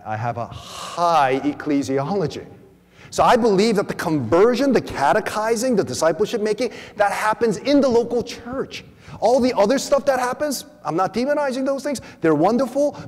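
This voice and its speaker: Male preacher, fairly high voice, animated teaching talk with stumbles and repeats, long hall reverb. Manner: animated, repeats words, acts out quoted voices.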